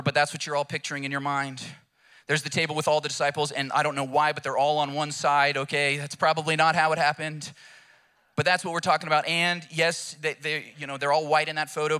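A male pastor delivering a sermon, telling stories in an animated, emphatic way. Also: on the high side.

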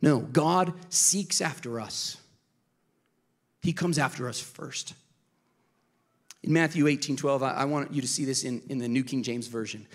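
A man in his thirties preaching an energetic, emotional sermon to a church congregation, with quick asides to the listeners. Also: medium pitch. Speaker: pastor. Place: church service.

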